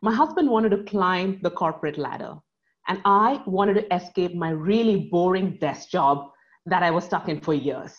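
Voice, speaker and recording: A woman's voice: fairly low pitch, lo-fi sound. Earnest storyteller woman. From South India. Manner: earnest, dramatic pauses. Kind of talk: live personal storytelling.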